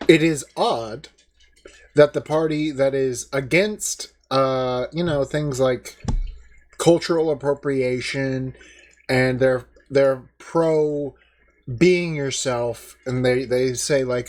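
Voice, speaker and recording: A man rants his way through commentary in a casual, mocking, indignant manner, padding his speech with fillers. His voice sits at an ordinary middle pitch. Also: slow, a little mellow. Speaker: commentary video host.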